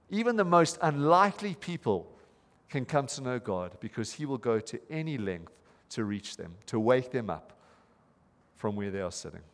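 Earnest male pastor preaching in a reverberant hall. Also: mid-range voice. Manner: earnest, storytelling, slows for emphasis. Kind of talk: sermon.

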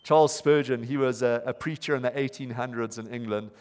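A man preaching a sermon as pastor, telling a story earnestly and slowing down to stress his points. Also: medium pitch, fairly even intonation. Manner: earnest, storytelling, slows for emphasis. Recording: reverberant hall.

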